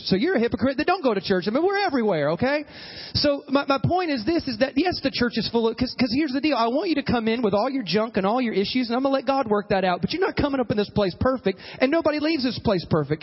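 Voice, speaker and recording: A man preaching a sermon as pastor, animated, acting out quoted voices and calling for amens. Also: very high-pitched, fast talker, slightly rough, in a large hall, highs cut off.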